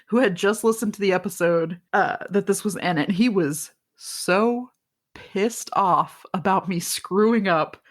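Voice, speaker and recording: A woman co-hosting a podcast in casual chat, rambling and giggly, with a fairly deep voice and free swearing. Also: unhurried. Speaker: podcast co-host.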